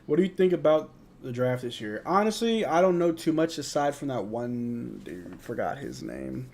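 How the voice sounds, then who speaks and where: A man's voice: medium pitch, animated, normal speed, gravelly, a little mellow. A young man hosting a live watch-along, calling the plays in a tired, yawning way and answering viewer chat. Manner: tired, yawning, drowsy play-by-play; reads viewer chat aloud and replies. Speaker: live stream host.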